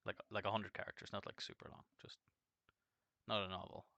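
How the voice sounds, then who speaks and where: A man chatting casually on a live game stream, rambling and swearing, his voice jumping from deep to screechy when excited. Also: brisk, no room sound, highs cut off.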